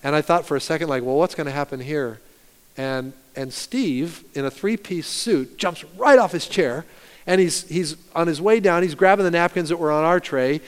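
Male pastor, sermon, animated storytelling, clear resonant tone, long hall reverb. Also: fairly high pitch, moderate pace. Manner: animated storytelling, rising loud and dropping soft. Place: church sanctuary.

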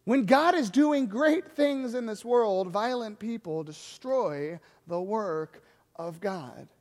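A man's voice: sits high, animated, slow pace, long reverb tail. A man preaching a sermon as a pastor, telling the story in a conversational way and acting out the voices of the people he quotes.

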